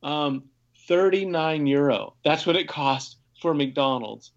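A man's voice: a little high, slow pace, highs cut off. A man, an ultrarunner from the United States, guesting on a podcast and telling his stories in a rambling, casual way with frequent restarts. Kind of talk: casual conversation.

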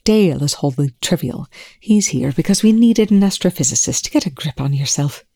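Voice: mid-range voice, expressive, normal speed, vocal fry, mellow, no room sound. A reader voicing a sardonic, coolly cutting male scientist in a fan fiction reading, with dry, sarcastic, politely biting delivery. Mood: scathing.

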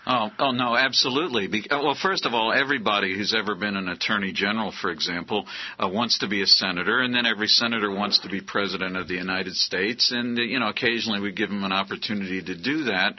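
A man hosting a casual radio interview, talking in a halting, easygoing way. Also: fairly low pitch, slightly rough, dull audio. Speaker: radio host.

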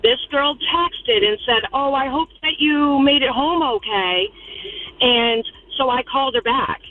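A woman's voice: sits high, unhurried, dry recording. Blunt woman caller on a tinny phone line. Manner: blunt, emphatic storytelling. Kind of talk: phone-in storytelling.

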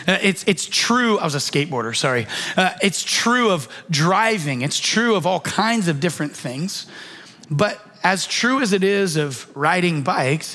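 A man's voice: a little high, bright, forceful tone. A man in his thirties preaching a sermon, telling a childhood story in a conversational way and acting out the lines of the people in it. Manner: conversational, restarts and fillers, acts out quoted lines. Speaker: pastor.

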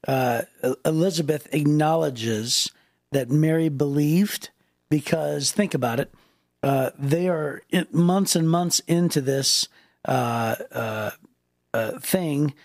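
A man's voice: fairly high pitch, takes it slowly, darkish tone, no echo, studio quality. A man co-hosting a podcast, talking casually about the Bible with many fillers and restarts. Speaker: podcast co-host.

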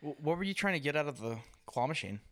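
A man's voice: on the high side, expressive, fast talker, a bit bright. A man in a casual chat who cuts in with short, amused questions. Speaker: listener in chat.

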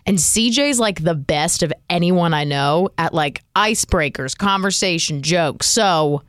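A woman co-hosting a radio show, chatty and expressive, laughing often. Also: on the low side, unhurried, smooth, dry recording, clean studio sound. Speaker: radio co-host. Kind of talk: casual radio banter.

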